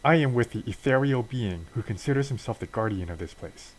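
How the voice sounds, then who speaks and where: A man voicing a brisk woman news reporter in a game retelling, with crisp announcer delivery. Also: mid-range voice, animated, pitched above the performer's own voice, natural voice, poor audio. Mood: formal.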